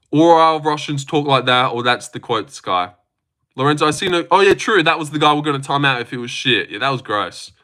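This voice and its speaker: Bright-voiced man chatting on stream. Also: medium pitch. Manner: joking, chatty, reacts to chat messages aloud. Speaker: livestream host reading chat. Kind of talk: casual livestream chat.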